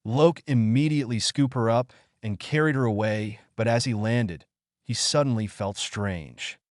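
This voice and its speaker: A man's voice: mid-range voice, measured pace, no echo, clean studio sound. A man reading fan fiction aloud as narrator, voicing all the parts himself. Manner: storytelling, reads all parts.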